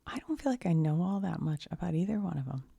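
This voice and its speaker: A woman chatting in soft-spoken ASMR style, rambling and giggly as she drifts between quiet speech and whispers. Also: fairly low pitch, lively intonation, quick pace, gravelly, breathy edge, dry recording, studio quality. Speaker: ASMR creator.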